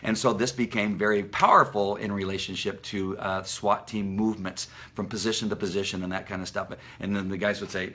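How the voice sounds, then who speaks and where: A man who trains police dogs, talking casually and at length on a live stream, rambling with many fillers and restarts, and now and then barking out a loud dog command. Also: fairly low pitch, fairly even intonation, fairly quick, hardly any pauses. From Southern California.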